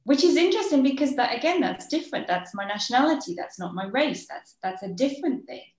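A woman with an English accent, co-hosting a podcast and talking things through in a reflective, quick way. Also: sits high, very animated. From England. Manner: reflective, explains in quick bursts. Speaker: podcast co-host. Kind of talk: casual podcast chat. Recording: roomy echo.

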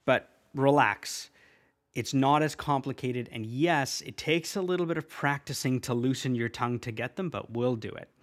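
A man teaching a prayer in Latin as a language lesson, patiently repeating each phrase slowly and clearly. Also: mid-range voice. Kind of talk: slow spoken language lesson.

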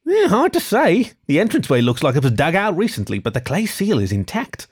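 A man voicing a short, scrappy male fennec fox tomb robber in a high, strained, agitated voice. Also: wildly swooping pitch, fairly quick, slightly rough, exaggerated voice.

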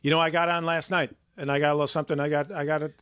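A man's voice: a little high, flat delivery, very fast, fairly bright tone, smooth, no room sound, studio quality. A man chatting as a podcast guest, rambling and repeating himself, laughing easily. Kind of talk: casual chat.

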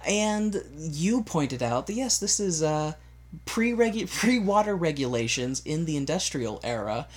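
A man's voice: on the high side, very animated, measured pace. A man from Utah hosting a casual podcast chat, goofy and joking. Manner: goofy, jokey, drops into silly voices. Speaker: podcast host.

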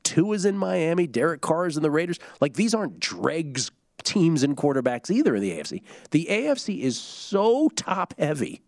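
A man hosting a sports talk show, talking in an animated, rambling way and often breaking off his own sentences. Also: high voice, creaky, dry recording, studio quality. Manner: animated, rambling, self-interrupting. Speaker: sports radio host.

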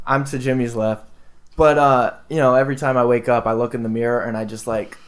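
A young man hosts a casual podcast with friends, and his voice sits at an ordinary middle pitch. He spins a goofy made-up story in a playful manner, laughing easily and acting out the lines of the people in it. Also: flat delivery, brisk. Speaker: podcast host.

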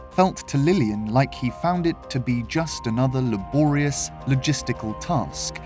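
A man reading his own fantasy story aloud as writer and narrator, in measured, expressive storytelling. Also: mid-range voice, dry recording, clean studio sound. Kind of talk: scripted narration.

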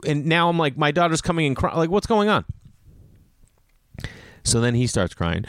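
Man, thirties, podcast host, casual storytelling, smooth resonant voice, dry close sound. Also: mid-range voice, a little fast, no room sound. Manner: animated storytelling, mimics dudes and kids in raised voices. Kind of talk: casual monologue.

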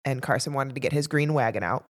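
A woman co-hosting a podcast, chatting casually and telling expressive stories. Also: very deep voice, fast. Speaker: podcast co-host. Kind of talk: casual chat.

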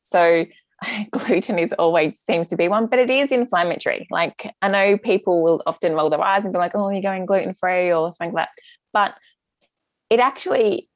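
A woman's voice: lowish voice, moderate pace, no echo. A woman, a gut health practitioner explaining things in a chatty interview with lots of fillers. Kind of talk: casual interview answers.

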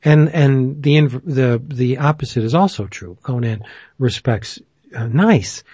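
A man's voice: medium pitch, unhurried, mellow, husky, dry recording. A man hosting a casual chat who rambles enthusiastically, with plenty of fillers. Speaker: podcast host.

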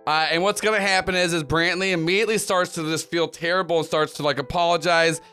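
A man runs a tabletop game as game master, narrating in a loose, rambling way full of fillers. His voice is high for a man and bright. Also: steady tone, quick pace, faint music behind.

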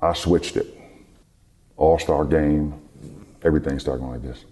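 A man's voice: rumbling low, a little slow. A middle-aged man, a former athlete, telling a long story in an interview and acting out what others said to him. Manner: relaxed, rambling storyteller who acts out quoted dialogue. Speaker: guest, former basketball player.

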